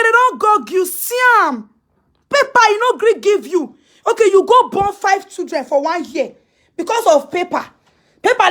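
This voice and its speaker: A Nigerian woman, a social media personality, holds forth on a phone live stream with a Pidgin English accent and a sharply high, piercing voice. Her commentary is a scolding rant: emphatic, full of repeated phrases, and prone to erupting into shouts.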